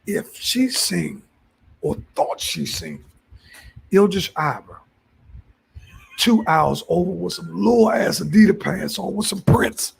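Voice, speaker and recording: A man, co-hosting a podcast in loud, profane, animated casual chat. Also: high voice, slow, gravelly, long pauses, husky. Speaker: podcast co-host.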